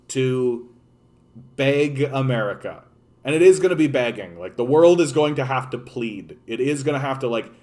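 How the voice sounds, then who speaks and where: A Canadian man rants about politics with blunt passion. He stumbles into repeated words and leans on "like" again and again, restarting as his thoughts race ahead. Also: mid-range voice. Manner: stammering repeats and constant "like" fillers; blunt and impassioned. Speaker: political commentator. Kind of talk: ranting political commentary.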